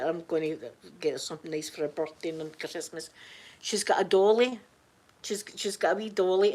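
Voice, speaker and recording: Chatty Scottish woman live-streaming. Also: mid-range voice. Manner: chatty, warm-hearted, reads out chat names. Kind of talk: casual live-stream chat.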